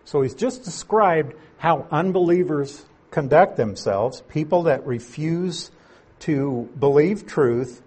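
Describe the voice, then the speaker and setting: A man's voice: on the high side, darkish tone, breathy edge. A man teaching the Bible verse by verse, reading passages aloud and explaining them with emphasis. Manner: slow, emphatic, reads scripture aloud and explains it.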